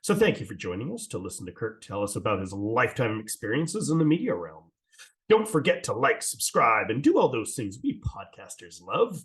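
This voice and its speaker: Male podcast host from Canada, upbeat and a bit breathless, stumbles over words, very lively pitch. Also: moderate pace. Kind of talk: casual interview chat.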